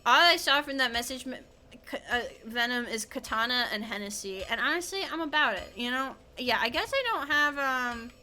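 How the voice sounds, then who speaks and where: A woman's voice: a little high, normal speed, sharp tone. A young woman streaming a game, rambling and giggling as she chats with her viewers. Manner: rambling, giggly, talks to chat while playing. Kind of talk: casual gaming stream chat.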